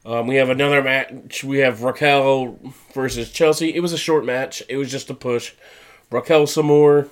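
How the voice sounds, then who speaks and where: A man's voice: medium pitch, steady tone. A man co-hosting a casual podcast with a stuffy head cold, recapping the week loosely and mockingly. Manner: casual rambling recap, quick mocking paraphrase of wrestlers. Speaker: podcast co-host.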